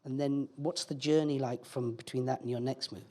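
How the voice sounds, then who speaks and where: A man's voice: medium pitch, steady tone, fairly quick, warm tone. Teasing male interviewer. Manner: teasing, playful. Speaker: interviewer, host. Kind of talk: stage interview.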